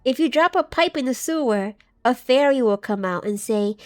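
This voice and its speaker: A woman's voice: on the high side, a little fast, hardly any pauses, darkish tone, faint music behind. A woman streaming a game live, chatting casually and reading chat aloud, scattered and giggly as she loses her train of thought.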